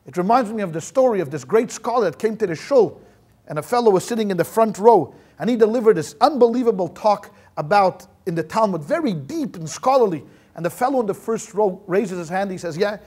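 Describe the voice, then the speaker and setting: Man, rabbi, history lecture, high voice, animated storytelling, Yiddish words. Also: a little fast, slightly rough. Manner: animated storyteller acting out quotes, many restarts. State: sweating in a hot room.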